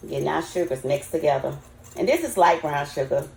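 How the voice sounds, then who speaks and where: An older Southern woman's low, animated voice moves a little fast, with vocal fry and a slightly mellow tone. Cooking in her echoey home kitchen, she chats folksily to viewers of her casual cooking vlog.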